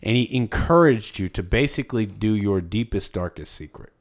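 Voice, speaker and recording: A man's voice: on the low side, expressive, moderate pace. A man hosting a casual podcast chat, telling stories in a profane, heated way.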